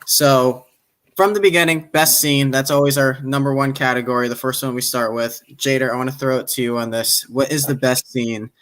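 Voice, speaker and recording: Male host, mid-pitched, casual and steering. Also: fairly even intonation, brisk, a bit bright. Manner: steers the talk, calls on guests. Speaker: podcast host. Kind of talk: casual podcast hosting.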